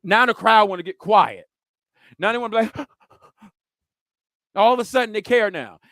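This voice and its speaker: A pastor, preaching a sermon in an animated way and acting out the scenes he describes. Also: high voice, normal speed, no echo, studio quality. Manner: animated, acts out scenes and sounds.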